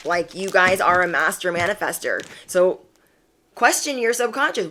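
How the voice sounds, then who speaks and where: A woman's voice: mid-range voice, moderate pace, bright, forceful tone, slight background noise. A young adult woman giving a casual, encouraging tarot reading to camera, emphatic and repeating phrases. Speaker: tarot reader.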